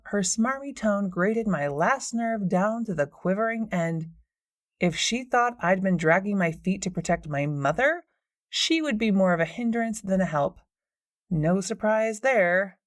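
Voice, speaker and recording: A woman narrating an audiobook in the first person, her delivery wry and dryly sarcastic. Her voice sits at an ordinary middle pitch, and it is recorded close and dry with no room echo. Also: moderate pace.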